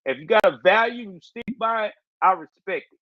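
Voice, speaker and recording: A man's voice: high voice, expressive, a little fast, no echo, muffled recording. A man hosting a casual livestream, talking in loose slang and answering his viewers' chat. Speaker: livestream host.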